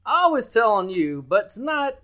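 Brash, loud male sports-betting host. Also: high voice, sing-song, moderate pace. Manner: loud, brash, profane and hyped. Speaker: podcast co-host. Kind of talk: sports betting podcast banter.

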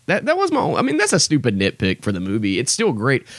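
Rambling young man with a lively voice. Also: medium pitch, quick pace, dry recording. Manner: rambling, self-deprecating, full of fillers. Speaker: podcast host. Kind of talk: casual solo podcast chat.

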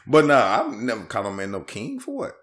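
A man's voice: medium pitch, huge pitch swings, a little fast. A young man in casual podcast chat who laughs often and teases back playfully. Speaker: podcast co-host.

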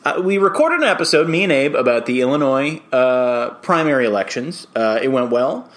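A man hosting a podcast in a casual, rambling monologue, hesitant and full of ums and uhs, with an earnest deadpan tone. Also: medium pitch, fairly quick. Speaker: podcast host.

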